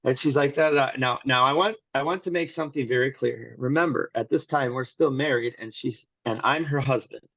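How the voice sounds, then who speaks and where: A man's voice: medium pitch, a little fast, few pauses, a bit bright, no echo, dull audio. A man as an interview guest, candidly telling a personal story in a rambling way with many restarts. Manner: rambling, restarts often, acts out quotes.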